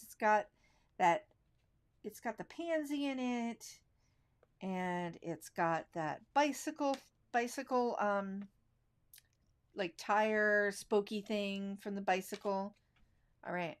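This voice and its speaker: Slow, chatty woman craft teacher. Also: mid-range voice. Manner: relaxed, chatty, thinks aloud while working; slow, drawn-out phrasing. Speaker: card-making instructor. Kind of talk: live craft demonstration.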